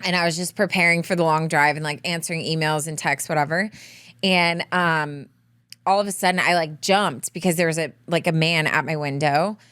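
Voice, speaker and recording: A woman's voice: low-pitched, fairly even intonation, moderate pace, a bit bright, clean tone, no echo, studio quality. A woman co-hosting a relationship advice podcast, telling stories in a chatty way with lots of "like". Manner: chatty storyteller, heavy use of "like". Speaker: podcast co-host. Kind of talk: casual chat.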